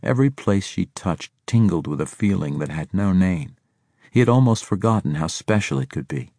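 A man reading an audiobook in a steady, measured storytelling manner. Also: deep voice, no echo, clean studio sound. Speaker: audiobook narrator. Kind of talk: scripted narration.

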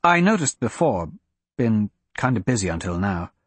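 A man reading an audiobook, voicing a spirited, sharp-tongued young princess with a sarcastic, defiant manner. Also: on the low side, sing-song, moderate pace, breathy edge, no room sound. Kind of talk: audiobook character voice.

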